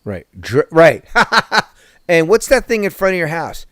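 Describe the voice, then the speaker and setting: A man's voice: on the high side, moderate pace, dry recording, clean studio sound. A man in his fifties from Newark with a heavy New Jersey accent, a podcast host telling profane, jokey stories in casual chat. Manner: profane, jokey, animated storyteller.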